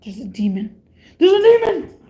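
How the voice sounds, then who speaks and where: A woman's voice: medium pitch, animated, slow, gravelly, dark tone. A woman mimicking a frantic man seeing demons. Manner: frantic, panicky.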